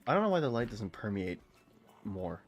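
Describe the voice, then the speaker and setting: A man's voice: on the low side, big pitch swings, normal speed, faint music behind. A young man casually commenting while he plays a video game, rambling and joking with frequent laughs. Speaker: gaming streamer.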